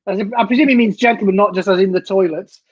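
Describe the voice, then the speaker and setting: A man's voice: sits high, steady tone, fast, husky, no room sound, lo-fi sound. Chatty, jokey man on a fan stream. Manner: chatty, jokey, drops in slang. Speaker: co-host of a football fan stream. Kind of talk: casual live stream reaction chat.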